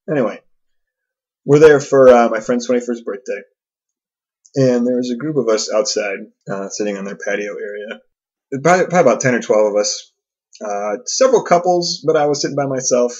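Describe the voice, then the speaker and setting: A man's voice: lowish voice, darkish tone, breathy edge, muffled recording. A man hosting a podcast, telling a casual, self-deprecating story with many fillers and restarts. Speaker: podcast host.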